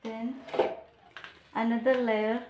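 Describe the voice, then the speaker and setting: A woman talks slowly and casually while she cooks, chatty and laughing at her own mistakes. Her voice sits a little high. Dishes and cutlery clatter clearly in the home kitchen around her. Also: flat delivery, very noisy. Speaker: cooking vlogger. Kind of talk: casual cooking vlog.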